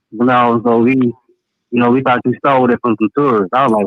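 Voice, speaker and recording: A man's voice: mid-range voice, fairly even intonation, fast talker, dry recording. Southern male caller, casual and profane, on a dry, phone-like line. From American South. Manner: casual, profane, laughs while telling stories. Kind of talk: phone-in storytelling.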